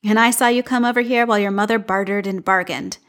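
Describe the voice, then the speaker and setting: A woman's voice: mid-range voice, steady tone, fast, a bit bright, natural voice. A woman voicing a good-humored male market stallholder who teases a child. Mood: teasing. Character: amused middle-aged male bead seller.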